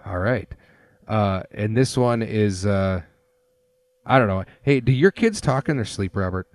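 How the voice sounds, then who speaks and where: A man's voice: fairly low pitch, lively intonation, unhurried, no echo. A man in his thirties hosting a casual sports podcast, rambling through stories with plenty of fillers. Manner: rambling storyteller with many fillers. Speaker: podcast host. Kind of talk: casual chat.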